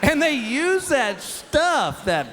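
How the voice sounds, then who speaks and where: Animated middle-aged man, live stand-up. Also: very high voice, slow. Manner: animated storytelling, acts out voices, shouts punchlines. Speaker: stand-up comedian. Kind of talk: stand-up comedy routine. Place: stage before a live audience. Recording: live show with crowd laughter and noise. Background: audience laughter.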